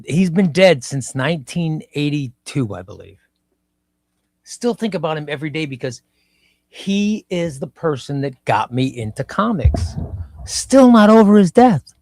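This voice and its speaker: Man, 50s, stream host, unhurried and reflective, a bit higher voice, close dry sound. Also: big pitch swings, a little mellow, no echo. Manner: slow, reflective, repeats phrases. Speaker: livestream host. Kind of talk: casual live stream chat. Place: home room.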